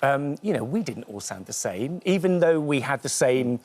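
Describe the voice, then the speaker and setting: A man's voice: mid-range voice, expressive, moderate pace, darkish tone. A man with a light Norfolk accent, a dialect coach talking thoughtfully in a TV interview, often restarting his sentences. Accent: Norfolk English. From Norfolk, England. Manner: thoughtful, hesitant with many restarts. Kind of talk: TV studio interview.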